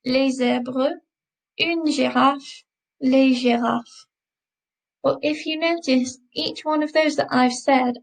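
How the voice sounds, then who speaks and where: A woman teaching a school French class, speaking slowly and patiently and repeating each word twice. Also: high-pitched, gravelly, low-quality recording. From England. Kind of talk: classroom lesson explaining French grammar.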